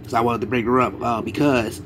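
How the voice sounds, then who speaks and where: A man co-hosting a podcast, telling stories in a loose, animated way with plenty of slang and asides. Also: mid-range voice, fairly quick, slight background noise. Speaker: podcast co-host. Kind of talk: casual podcast chat.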